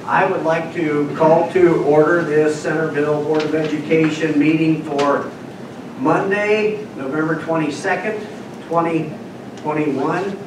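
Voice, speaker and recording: A nasal-voiced man chairs a school board meeting, reading agenda items in a formal, procedural manner. His voice sits a little high and reaches the listener from a distance in a very echoey public room. Steady background noise hangs under everything. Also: moderate pace, few pauses. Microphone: handheld microphone.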